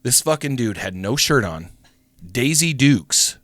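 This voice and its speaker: A young man spins a story on a podcast, casual and profane, his pitch swinging widely as he acts out other people's lines. The sound is dry and close, with no room in it. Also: unhurried, no room sound. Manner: animated, swearing, acts out voices in the story. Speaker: podcast co-host.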